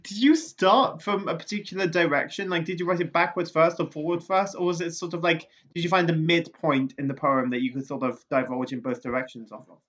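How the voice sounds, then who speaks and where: A man's voice: a little high, brisk, few pauses. A half-Dutch man, a guest writer, joking drily in casual chat. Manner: dry joking, deadpan. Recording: dull lo-fi mic.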